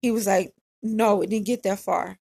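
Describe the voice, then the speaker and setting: Woman telling a story, kinda gravelly and husky, talks right into the mic, super candid. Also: medium pitch, fairly even intonation, moderate pace, darkish tone, no room sound. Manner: candid, conversational, repeats phrases for emphasis. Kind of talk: casual personal storytelling.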